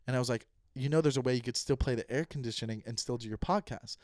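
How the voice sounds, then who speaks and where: A man hosting his own podcast, ranting heatedly and profanely at his critics, swinging between loud outbursts and low muttering. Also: fast, no room sound, studio quality. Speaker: comedian podcast host. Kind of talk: solo podcast rant. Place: Los Angeles.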